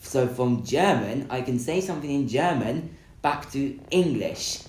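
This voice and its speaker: A woman hosting a casual tech tutorial who talks in a hesitant, halting way with frequent fillers. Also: extremely low pitch, lively intonation, darkish tone. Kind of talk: casual spoken demonstration. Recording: roomy with faint noise.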